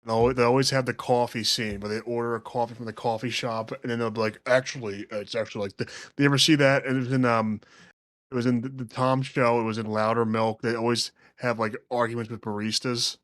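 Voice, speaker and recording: A man's voice: medium pitch, little pitch movement, fast talker, a bit bright. A man chatting casually on a comedy podcast, rambling and laughing along.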